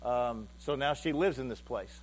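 A male pastor preaching a sermon in a halting, heartfelt way, often repeating words as he restarts. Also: medium pitch, slight background noise.

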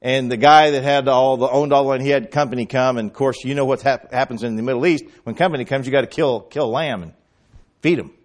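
A man preaching a sermon, retelling scripture as a lively story and acting out the quoted lines, with bursts of emphasis. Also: medium pitch, fast. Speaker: pastor.

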